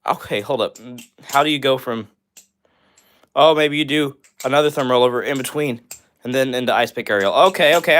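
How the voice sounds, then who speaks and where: Brisk and a bit bright, this mid-range male voice belongs to a young live-stream host. He works through viewer comments, replying cheerfully and warmly with frequent "bro" and "all right."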